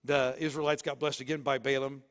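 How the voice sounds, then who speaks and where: A man preaching a sermon as pastor, in a lively, conversational way with sudden loud bursts. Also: medium pitch, brisk, big-room sound. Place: church sanctuary.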